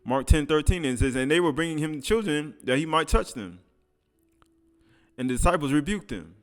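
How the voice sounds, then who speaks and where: A man's voice: a little high, animated, fairly quick, soft background music. A man preaching a sermon, reading scripture aloud and commenting in casual speech with laughs.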